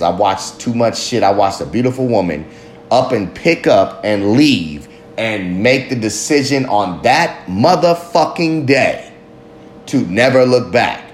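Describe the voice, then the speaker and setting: A man's voice: mid-range voice, a little hiss or hum. Blunt, profane man in a roomy space. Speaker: father. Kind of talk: candid confessional monologue. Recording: roomy echo.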